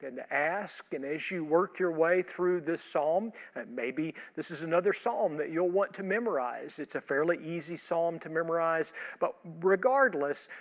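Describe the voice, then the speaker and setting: Measured pastor with a lot of hall reverb. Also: male voice, on the high side. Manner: measured, asks a string of rhetorical questions. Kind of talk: sermon preview talk.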